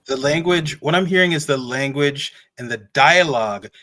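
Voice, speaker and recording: Male host, bright, reflective, recaps the guest's points. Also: on the high side, moderate pace. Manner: summarizes the guest's points, thinks aloud with restarts. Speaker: talk show host. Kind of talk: reflective talk show hosting.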